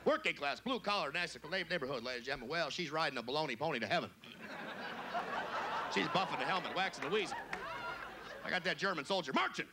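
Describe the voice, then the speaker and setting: A man doing a brash, crude stand-up comedy routine on a club stage, shouting his punchlines in high, squeaky put-on voices. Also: animated, fast, background noise. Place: club stage before a live audience.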